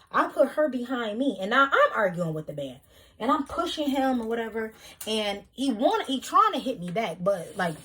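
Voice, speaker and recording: Woman, young adult, storytime vlog, heated and animated, loud bursts. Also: mid-range voice, a little hiss or hum. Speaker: vlogger.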